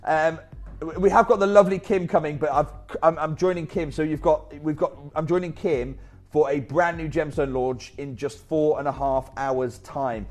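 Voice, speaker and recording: Brief: energetic male shopping-channel host, slightly high voice, faint music behind. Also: normal speed. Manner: energetic, chatty, off-script asides. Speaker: TV shopping presenter. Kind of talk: live shopping channel selling.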